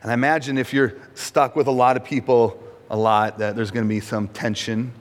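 A man's voice: medium pitch, flat delivery, fairly quick. Conversational male pastor in a reverberant hall. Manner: conversational, asks the audience questions, acts out quotes. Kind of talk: sermon.

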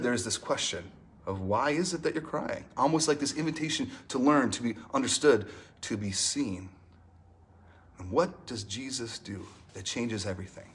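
A man preaching a sermon in a conversational style. He often asks "right?" and swings between animated emphasis and soft, hushed passages. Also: on the low side. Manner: conversational preaching, frequent "right?" asides and restarts. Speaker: pastor.

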